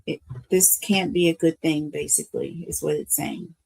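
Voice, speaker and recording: A woman's voice: low-pitched, steady tone, normal speed, gravelly, darkish tone, husky, rough recording. An older woman, a grandmother, giving a live tarot reading to her viewers in an emotional, preachy way and calling them y'all. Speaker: tarot reader.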